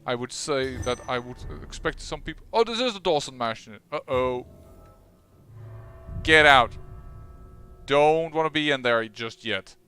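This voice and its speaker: Bright-voiced man commenting on gameplay. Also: medium pitch, expressive, moderate pace, hardly any pauses, clean tone. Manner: chatty, wry, self-mocking. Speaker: let's play host. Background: faint game music.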